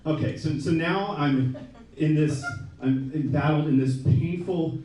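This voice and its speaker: A man's voice: on the high side, a little slow, dark tone, slight background noise. A man doing a wry, self-deprecating stand-up routine on a comedy club stage, often tossing in "right?" as the audience laughs. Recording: echoey room, mic from a distance.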